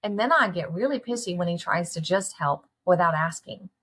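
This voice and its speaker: A middle-aged woman, hosting a candid solo talk and speaking to listeners in an earnest, folksy, animated way. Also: lowish voice, normal speed, slightly rough. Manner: earnest, folksy, animated, with laughs and direct questions to the audience. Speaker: podcast host.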